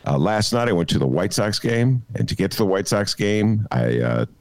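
Low-voiced guy hosting a chatty podcast, rambly, lots of ums, pitch jumping all over. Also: normal speed, no room sound. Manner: rambling, animated storyteller with many fillers. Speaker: podcast host. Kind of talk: casual news chat. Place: apartment.

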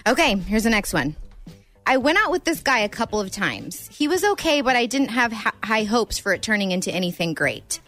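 A woman's voice: fairly high pitch, faint music behind. A woman co-hosting a radio show in casual chat, reading listener stories with lots of giggling. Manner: giggly, animated, quick to laugh.

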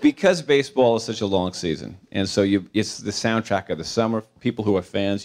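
A man's voice: fairly low pitch, normal speed, few pauses, darkish tone. Conversational male interviewer. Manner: conversational, wry questions. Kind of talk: live onstage interview.

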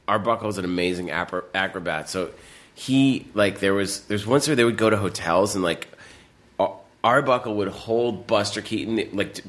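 Low-voiced man telling rambling stories. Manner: rambling, animated anecdotes with many fillers. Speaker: guest filmmaker. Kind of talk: casual storytelling chat.

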